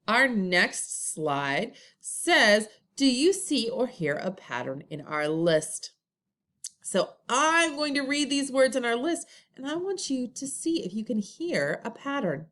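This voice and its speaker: A woman teaching a first grade phonics lesson online, in slow, drawn-out, sing-song teacher talk. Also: a little high, big pitch swings, a bit bright. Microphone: computer recording.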